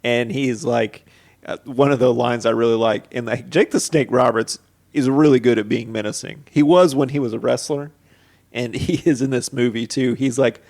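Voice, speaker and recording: A man's voice: medium pitch, moderate pace, creaky, a little mellow. A man co-hosting a podcast, adding details to a casual film recap. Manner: chiming in with details and laughs. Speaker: podcast co-host. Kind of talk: casual movie recap chat.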